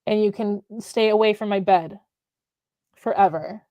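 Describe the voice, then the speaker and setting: A woman's voice: mid-range voice, fairly even intonation, a little slow, mellow, no room sound. A woman chats loosely on a livestream, wandering between stories and scolding her pet in passing. Her voice sits mid-range and is recorded close and dry on a condenser mic. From United States. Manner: rambling, talks to her pet mid-sentence. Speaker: co-host. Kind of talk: casual livestream chat.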